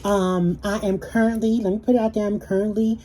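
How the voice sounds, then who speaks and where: A woman's voice: mid-range voice, little pitch movement, brisk, mellow, slight background noise, low-quality recording. A young woman, chatting with viewers in a casual Q&A vlog and telling stories. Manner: chatty, storytelling, addresses viewers as y'all. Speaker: YouTuber.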